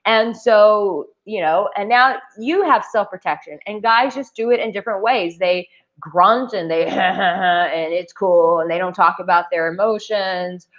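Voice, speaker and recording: Woman dating coach, chatty and emphatic, medium pitch, slightly dull lo-fi recording. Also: measured pace. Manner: chatty, emphatic, with many "like" fillers. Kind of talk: casual talking-head advice. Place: Bali.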